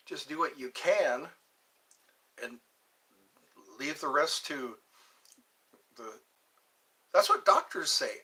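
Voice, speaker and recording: A man's voice: on the high side, lively intonation, slow, long pauses, sharp tone, low-quality recording. A man from Georgia hosting his own live stream, chatting in a rambling way, jumping between topics and trying out foreign phrases. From Georgia, USA. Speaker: livestream host.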